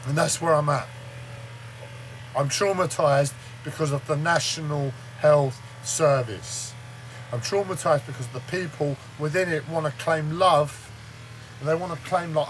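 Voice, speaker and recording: Shaken man ranting, high-voiced. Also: unhurried, pauses often, a bit bright, a little hiss or hum, low-quality recording. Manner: swears heavily, agitated and raw. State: shaken, says he speaks like he is in shock. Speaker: livestreamer. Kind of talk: angry personal rant. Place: standing in front of a camera.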